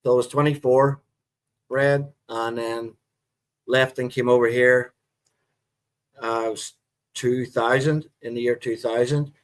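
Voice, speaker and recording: A middle-aged man with a Northern Irish accent, hosting a live stream and chatting casually with viewers in a relaxed, rambling way. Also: mid-range voice, a little slow, pauses often. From Northern Ireland. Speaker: livestream host.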